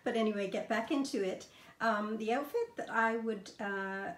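A woman's voice: fairly high pitch, normal speed, fairly bright tone, roomy sound. A middle-aged woman showing outfits and perfumes in a home vlog, gushing and enthusiastic, with plenty of fillers. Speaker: fashion and fragrance vlogger. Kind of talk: casual show-and-tell vlog. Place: bedroom at home.

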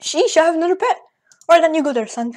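A woman rambling excitedly through casual gameplay commentary, out of breath and joking as she goes. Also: very high voice, fast, heavy background noise. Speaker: gaming channel host. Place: at home at a computer.

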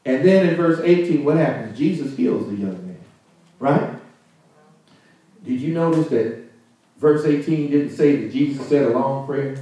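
A man's voice: mid-range voice, animated, unhurried, long pauses, dark tone. A male pastor preaching a conversational sermon, drawing call-and-response from the congregation and laughing often. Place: church sanctuary. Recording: very echoey room, mic at a distance.

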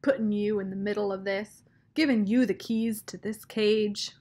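A woman's voice: mid-range voice, steady tone, normal speed, a little mellow, lightly acted. A woman voicing a plainspoken older woman who talks in folksy dialect and sets others straight firmly. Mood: fired up. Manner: folksy dialect, firm and matter-of-fact.

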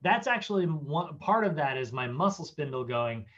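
A man giving a casual fitness class lecture, chatty and animated, acting out body parts in silly voices. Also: a little high, normal speed, few pauses, dull audio. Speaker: fitness instructor.

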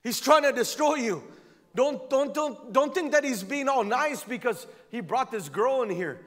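A man's voice: very high voice, lively intonation, moderate pace, fairly bright tone. A male pastor preaching a fervent sermon in a church, driving his points home by repeating phrases. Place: church sanctuary. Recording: long church hall reverb.

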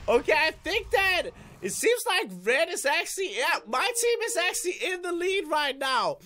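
A man giving excitable gameplay commentary, yelling battle cries and playful trash talk at opponents. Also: extremely high pitch, normal speed, hardly any pauses. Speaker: gaming YouTuber.

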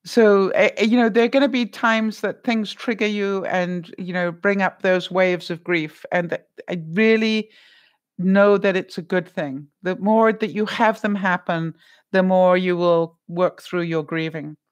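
A middle-aged woman vlogger chatting casually on a live stream, reading viewer comments and offering gentle, comforting advice with frequent repeated words and laughs. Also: lowish voice, fairly even intonation, unhurried. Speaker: vlogger answering live chat.

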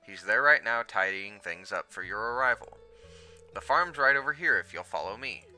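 A man's voice: fairly low pitch, lively intonation, moderate pace, sharp tone, faint music behind, low-quality recording. A man voicing a cheerful female town carpenter, reading her game lines in a friendly, welcoming way. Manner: friendly, welcoming, reads game dialogue aloud.

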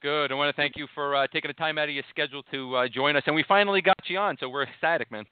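Quick, smooth-voiced male radio host, dry close sound with a narrow phone-like band. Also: on the high side, no room sound. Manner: upbeat, says "man" often. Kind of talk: radio interview.

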